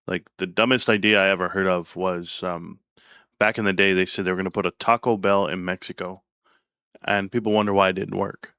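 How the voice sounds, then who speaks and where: A man's voice: sits low, flat delivery, fairly quick, sharp tone, clean tone, no echo, clean studio sound. A man hosting a casual livestream, rambling and joking irreverently as he talks. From United States. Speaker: livestream host. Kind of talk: casual stream commentary.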